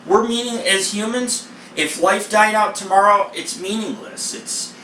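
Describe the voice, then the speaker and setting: A man's voice: high-pitched, measured pace. Guy rambling a wild story while cooking, swears a lot, sits back from the mic, roomy echo, faint hiss. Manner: rambling, excitable, swears freely. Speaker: cooking show host. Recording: echoey room, voice a bit far from the mic, faint noise.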